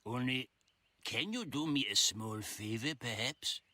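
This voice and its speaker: A man's voice: medium pitch, a little slow, no echo, clean studio sound. A mock-German one-eyed camp handyman. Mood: scheming. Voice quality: stiff formal phrasing, bright raspy tone.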